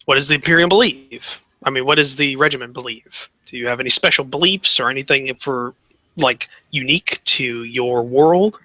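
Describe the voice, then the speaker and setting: A man with a very bright, forward voice runs a tabletop game in loose, casual talk. He circles back over his own words and restarts phrases as he explains. The sound is dry and close. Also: mid-range voice, moderate pace, no echo. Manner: repeats himself, restarts sentences. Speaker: game master.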